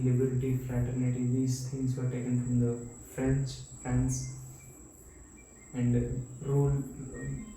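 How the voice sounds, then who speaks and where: A man teaching a classroom lecture, halting and repetitive, with many fillers and self-corrections. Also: medium pitch, dark tone, far from the mic, a little hiss or hum. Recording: very echoey room, voice off-mic.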